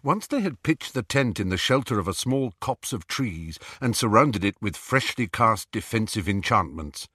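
Low-voiced male audiobook narrator. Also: no room sound, clean studio sound. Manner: measured, expressive storytelling. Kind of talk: scripted narration.

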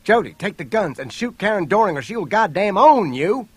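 A man voicing a tough male agent under fire, shouting urgent commands. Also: on the high side, lively intonation, moderate pace, no room sound. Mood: frantic shouting.

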